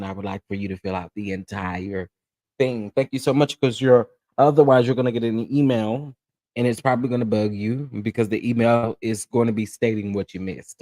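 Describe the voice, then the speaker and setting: A man hosting a casual live-stream chat, talking in drawn-out exclamations and swooping up high in mock outrage. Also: darkish tone, no echo, clean studio sound.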